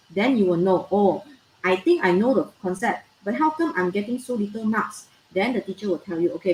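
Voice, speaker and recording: A woman with a Malaysian English accent teaching a biology class, often repeating herself and checking in with "all right?" and "okay?". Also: medium pitch. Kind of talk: recorded online class lecture. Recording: echoey room with faint noise.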